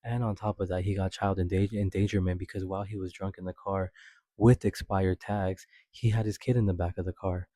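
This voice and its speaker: Low-voiced young man telling a story. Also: level tone, fairly quick, mellow, no echo. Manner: chatty, swears often, laughs while telling, acts out quotes in a high voice. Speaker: podcast host. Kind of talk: casual storytelling.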